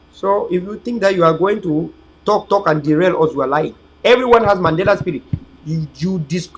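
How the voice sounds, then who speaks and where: High-voiced, preachy man. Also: rough recording. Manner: emphatic, preachy, repetitive. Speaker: host of an online political channel. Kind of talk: rambling livestream monologue to viewers.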